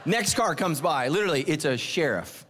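Animated, high-voiced male pastor preaching. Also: moderate pace, big-room sound, background noise. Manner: animated, self-mocking storyteller. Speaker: senior pastor. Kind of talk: humorous sermon storytelling.

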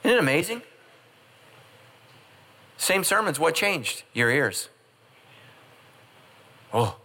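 Bright-voiced joking pastor. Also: male voice, on the high side, sing-song, slow. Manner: jokey, acts out quoted voices. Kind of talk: humorous sermon.

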